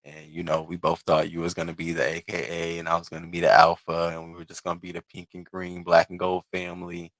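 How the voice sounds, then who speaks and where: A man in his thirties chats casually on a livestream, answering viewers' comments and now and then mimicking people in a higher voice. His low voice has a bright, forceful edge and sounds dry and close. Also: completely flat delivery, fast talker, hardly any pauses, no echo. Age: 30s. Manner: chatty, reads viewers' comments aloud and answers them. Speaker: livestream host.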